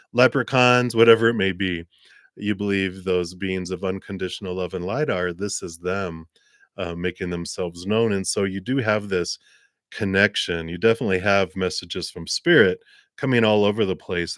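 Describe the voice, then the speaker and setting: A man with a very deep voice gives tarot readings on a live stream. He speaks gently and encouragingly, drifting through fillers and restarts. The sound is dry and close, with no room around it. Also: no echo. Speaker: tarot reader.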